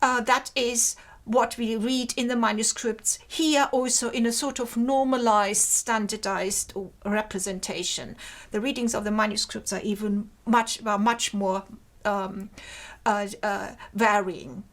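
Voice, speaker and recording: A woman giving an academic lecture over slides. She explains each point step by step in a measured way and points to parts of the slide as she goes. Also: mid-range voice, fairly even intonation.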